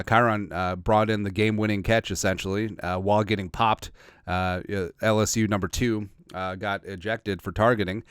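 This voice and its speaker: A man with a low, smooth and resonant voice hosts a football podcast, loose and sarcastic. He rambles, repeats himself and lets lines fade into mutters. The sound is close and dry, with no room behind him. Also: no room sound. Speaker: podcast host. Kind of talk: casual sports commentary.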